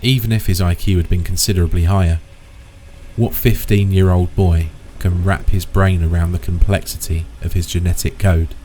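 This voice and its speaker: A man reading a first-person horror story in a measured, composed way. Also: sits low, fairly even intonation, dark tone, a little hiss or hum, poor audio. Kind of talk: scripted first-person narration.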